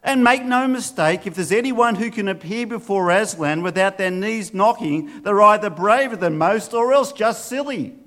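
A man's voice: sits high, normal speed, few pauses, a bit bright, in a large hall, voice pushed up. A preacher reading a storybook aloud and voicing a motherly female beaver who speaks in a homely, knowing way.

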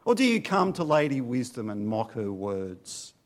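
A man preaching a sermon, swinging between loud urging and low, hushed warnings. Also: very animated, normal speed. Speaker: pastor.

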